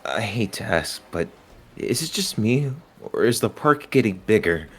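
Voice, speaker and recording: A man voicing a quiet, cautious young man sidekick, reading game dialogue in a hesitant, low-key way. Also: sing-song, normal speed, a little hiss or hum. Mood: uneasy. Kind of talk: game dialogue read aloud on a live stream.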